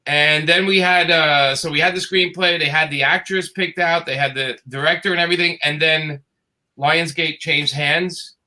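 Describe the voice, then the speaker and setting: A man's voice: a little high, moderate pace. A middle-aged man, a guest comics creator, telling a casual story and acting out the dialogue in it. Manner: animated, acts out quoted dialogue.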